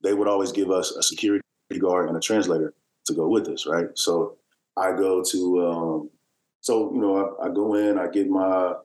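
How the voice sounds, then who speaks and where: In a low-quality, roomy recording, a man in his 30s who plays basketball rambles through a long story as an interview guest, stumbling over fillers and restarts. He speaks at a normal speed in a low, a little mellow voice with fairly even intonation.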